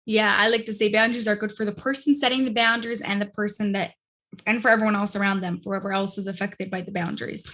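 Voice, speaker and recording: A woman's voice: medium pitch, fairly even intonation, fast talker, fairly bright tone. A woman hosting a podcast interview, chatting casually and often filling her sentences with "like". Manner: chatty, fills speech with "like". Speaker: podcast host.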